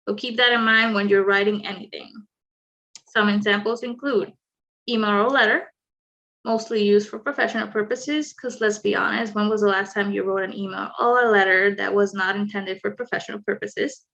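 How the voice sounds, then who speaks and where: A woman leading an online communication skills workshop, explaining clearly and adding light humorous asides. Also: fairly high pitch, bright, forceful tone, dull audio. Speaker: workshop presenter. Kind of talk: online training presentation.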